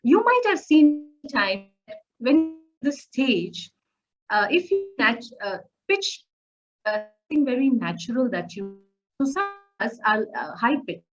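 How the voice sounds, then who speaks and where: A woman teaching an online public speaking course. Her voice sits a little high and it is captured on a muffled, lo-fi recording. She pauses on fillers and keeps checking in with her listeners. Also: sing-song, soft background music.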